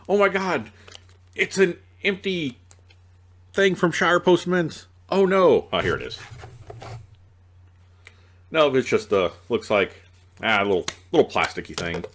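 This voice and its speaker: A man hosting an unboxing video, chatting casually and joking at himself, groggy after a night out and stumbling over his reading. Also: mid-range voice. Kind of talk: casual rambling unboxing talk.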